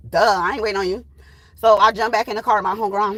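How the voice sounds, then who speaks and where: A woman in her thirties, a tarot channel host, telling a personal story in a blunt, profane, animated way. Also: mid-range voice, fast, no echo, low-quality recording. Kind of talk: casual storytime.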